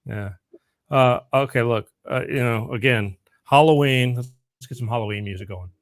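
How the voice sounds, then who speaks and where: A middle-aged man hosts a podcast, chatting casually, rambling a bit, interrupting himself and telling a joke. His voice is medium-pitched at normal speed, recorded dry.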